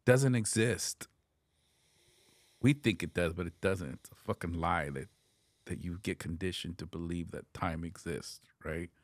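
A middle-aged man tells a wild story as a podcast guest, swearing freely and building suspense in an animated way. His voice is very deep, and it is recorded dry and close on a studio podcast mic. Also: measured pace, no room sound. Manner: animated, profane, vivid storytelling. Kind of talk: casual storytelling.

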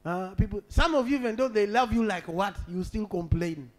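A man preaching a sermon as a pastor, swinging between shouted, half-sung peaks and quiet, conversational asides. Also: sits high, expressive, brisk, faint music behind.

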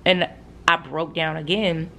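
Gravelly-voiced woman telling a frank story. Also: deep voice, fairly even intonation, measured pace, fairly bright tone, a little hiss or hum. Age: 30s. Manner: frank, profane, addresses viewers directly; emotional, close to tears. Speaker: soldier and vlogger. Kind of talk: candid storytime vlog.

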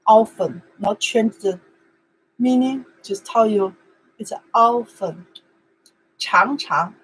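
A woman's voice: a little high, slow pace, long pauses, a little hiss or hum, low-quality recording. A woman whose first language is Chinese, teaching an online language lesson in simple, broken English and repeating words over and over for practice.

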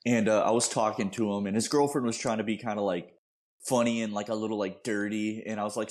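A man's voice: lowish voice, fairly even intonation, quick pace, a little mellow. A young man, co-hosting a podcast in laid-back casual chat and swearing freely. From Texas. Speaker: podcast co-host.

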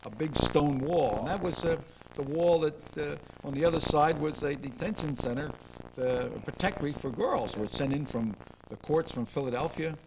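A man's voice: on the high side, normal speed. An older man hosting a local interview show. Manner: rambling, repeats words, asks leading questions. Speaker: host. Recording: noisy 2002 local cable recording.

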